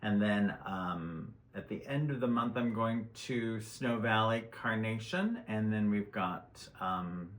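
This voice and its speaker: A man's voice: fairly low pitch, lively intonation, slow, hardly any pauses, a bit bright. A man from Utah, a drag queen co-hosting a tarot show, chatting in an upbeat, effusive way. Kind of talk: casual chat. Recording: echoey room.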